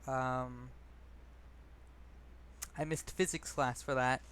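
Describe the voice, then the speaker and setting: A man's voice: mid-range voice, steady tone, slow, fairly bright tone, smooth. A young man casually telling stories and reading his own poetry, rambling and self-deprecating, with many fillers and restarts.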